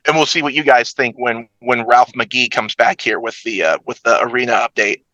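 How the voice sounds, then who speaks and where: A man co-hosting a podcast in casual chat, animated and giggly and quick to joke. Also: medium pitch, no room sound, low-quality recording. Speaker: podcast co-host.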